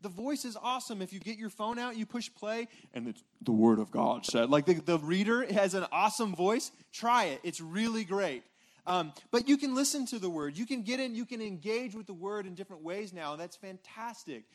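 Here a pastor with a high voice gives a conversational sermon before a congregation that answers back from the pews. His intonation is lively and his pace fairly quick, and his informal delivery is full of repeated words, restarts and regular "right?" checks.

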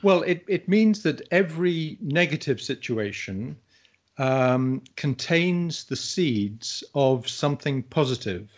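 A man who is a guest on a casual podcast, an English teacher giving thoughtful, measured explanations. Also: fairly high pitch, lively intonation.

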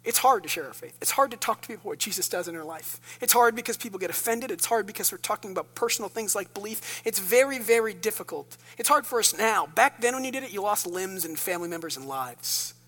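Pastor guy preaching, bright voice, jokey about himself, echoey church hall. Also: high-pitched, fast, hardly any pauses. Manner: self-deprecating storytelling, animated asides. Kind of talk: sermon. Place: church sanctuary.

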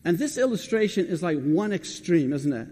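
A man's voice: high voice, sing-song, moderate pace, dark tone. Man preaching in a reverberant hall. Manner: conversational, questions the congregation directly. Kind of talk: sermon.

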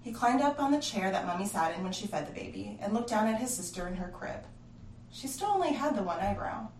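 A woman narrating a creepy children's horror story in an expressive storytelling voice. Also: medium pitch, brisk, a little hiss or hum. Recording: roomy, distant mic, faint ambience.

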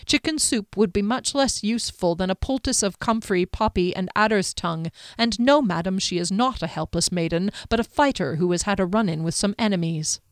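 A woman reading the lines of a calm, formal male healer. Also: mid-range voice, clear, resonant tone, no echo, studio quality, close to an everyday voice. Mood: firm. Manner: measured, formal.

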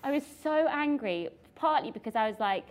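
A young woman, an author and actress, chatting casually with her sibling and telling stories with lively laughter. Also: high voice, normal speed. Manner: animated storytelling with frequent laughter.

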